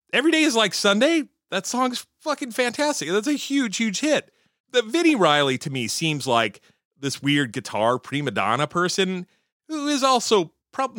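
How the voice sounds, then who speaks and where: A man talks through music history in a casual, profane monologue, full of opinions. His voice is bright and lively, swinging up high when he gets worked up. The sound is dry and close. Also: dry recording. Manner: profane, opinionated and animated, with frequent swearing; pitch jumps high when excited.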